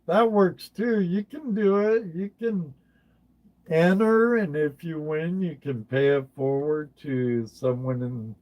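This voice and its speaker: A man's voice: on the high side, slow pace, muffled recording. A man hosting a casual livestream, chatting with viewers by name and often repeating his phrases. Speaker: livestream host.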